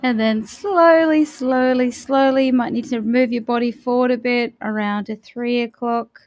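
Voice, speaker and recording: A woman vocal coach leading a morning warm-up, chatty and encouraging as she talks the listener through each step. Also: fairly high pitch, steady tone, normal speed.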